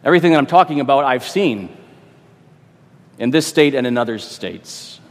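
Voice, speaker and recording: A man's voice: mid-range voice, animated, moderate pace, in a large hall. A man who is a pastor, preaching an expository sermon with emphatic repetition and rhetorical questions.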